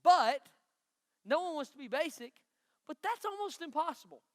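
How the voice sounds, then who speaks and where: High, bright East Tennessee country preacher. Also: male voice, expressive, moderate pace. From Knoxville, Tennessee. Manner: chatty, folksy, asks the crowd questions. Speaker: youth pastor. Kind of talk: youth sermon. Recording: long hall reverb.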